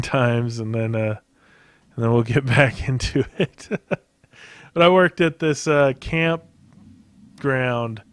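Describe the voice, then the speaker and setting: A man's voice: medium pitch, no room sound. A man hosting a podcast solo, rambling in a casual, profane way and laughing at his own jokes. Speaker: podcast host.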